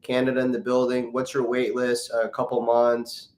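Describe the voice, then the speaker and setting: A man's voice: mid-range voice, completely flat delivery, moderate pace, darkish tone, slight background noise. A man, a plastic surgeon, hosting a casual live Q&A, reading viewer comments aloud and joking as he greets people by name. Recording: roomy echo.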